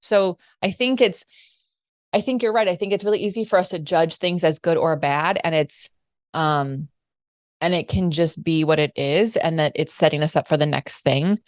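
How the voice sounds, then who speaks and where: A woman hosting a podcast, chatting casually and telling stories in an animated way. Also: low-pitched, moderate pace, no room sound, studio quality. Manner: chatty, many "like" fillers, animated storytelling. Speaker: podcast host. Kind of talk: casual interview conversation.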